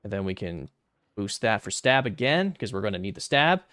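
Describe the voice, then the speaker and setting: A man's voice: fairly low pitch, sing-song, normal speed, pushed and bright, no echo, studio quality. A young man streaming a strategy game, casually thinking aloud through his moves and muttering calculations, now and then flaring into exasperated rants. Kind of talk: casual gameplay commentary.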